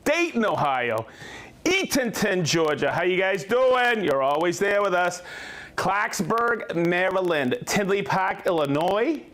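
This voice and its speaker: An upbeat man hosting a live stream from a workshop, his voice sitting a little high and swinging widely in pitch. He talks in a chatty, friendly way, reading off one viewer location after another. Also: big pitch swings, takes it slowly, a bit bright. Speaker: host of a company livestream. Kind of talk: live product demo and viewer shout-outs.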